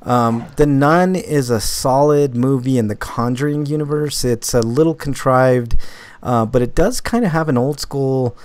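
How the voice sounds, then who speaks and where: Casual podcast host, man, mid-pitched, dry close mic, rambling delivery full of ums. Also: a little slow, smooth, no echo. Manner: rambling, filler-heavy, animated when retelling stories. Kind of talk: casual podcast chat, movie reviews.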